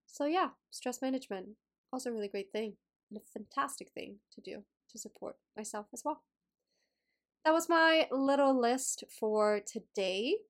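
A young woman with a slightly nasal voice hosts her own podcast in a relaxed way. She repeats her phrases and speaks straight to her listeners with encouraging questions. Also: on the high side, moderate pace. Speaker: podcast host and yoga teacher. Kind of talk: casual solo podcast talk.

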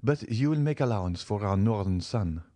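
A man's voice: lowish voice, expressive, normal speed, mellow, dry recording, lightly acted. A man voicing a sorrowful, pleading French countess with a tremulous, plaintive voice in an audiobook reading. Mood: sad, pleading.

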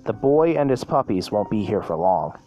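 A man's voice: fairly low pitch, big pitch swings, moderate pace, dark tone, muffled recording, faint music behind. A man voicing a scheming ghost puppy who lays traps, in a matter-of-fact, conspiratorial tone.

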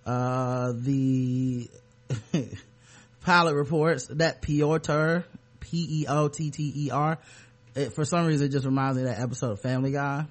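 A man's voice: mid-range voice, steady tone, a little slow. A man hosting a comedic podcast in a casual, sarcastic, rambling way. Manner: sarcastic, joking, loose and rambling. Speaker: podcast host.

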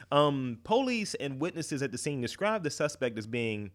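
A man's voice: medium pitch, normal speed. A man co-hosting a podcast, reading odd news stories aloud in crude casual chat and laughing through them. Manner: laughs while reading, profane, animated delivery. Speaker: podcast co-host.

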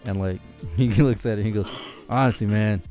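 A man with a lowish voice tells a rambling, profane story to friends. He laughs often and gets loud and high when worked up. Faint music plays underneath. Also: fast talker. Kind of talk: casual storytelling chat.

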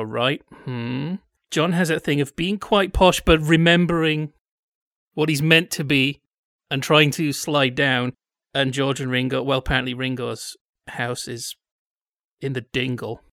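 A man's voice: a little high, gravelly, fairly bright tone, no room sound, clean studio sound. A man hosting a casual discussion, wry and analytical as he leads the talk. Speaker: podcast host.

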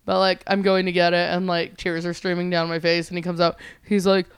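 A woman comedian in casual podcast chat, telling an animated story, swearing freely and acting out the quotes. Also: on the low side, fairly quick, clean tone, no echo, studio quality. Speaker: comedian guest.

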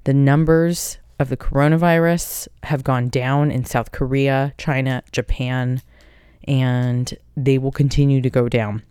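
A woman's voice: very deep voice, steady tone, unhurried, warm tone, smooth, dry recording, studio quality. A woman hosting a casual solo podcast, reading out listener questions in a blunt, profane, upbeat way. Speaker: podcast host.

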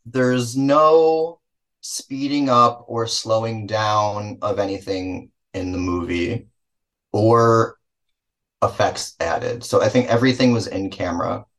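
A man's voice: fairly low pitch, steady tone, slow, fairly bright tone. Rambling man with a Jersey accent. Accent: New Jersey. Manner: rambling, self-correcting, laughs between thoughts. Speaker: filmmaker guest. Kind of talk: casual interview answers.

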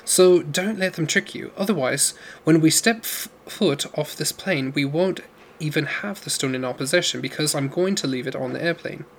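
Hushed, urgent young woman read by a man, slightly raised pitch, audiobook. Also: moderate pace, creaky, slight background noise. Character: earnest young woman diamond courier, urgent. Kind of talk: audiobook character voice.

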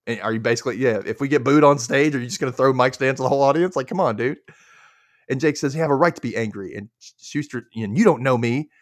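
A man hosting a podcast, giving a chatty, joking recap of a TV episode and jumping into high squeals for quotes. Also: dry recording, clean studio sound. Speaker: podcast host.

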